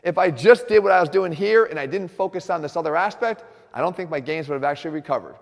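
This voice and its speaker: Earnest fitness host with long reverb. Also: male voice, a little high, quick pace, vocal fry. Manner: earnest, direct, addresses viewers. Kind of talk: instructional fitness talk.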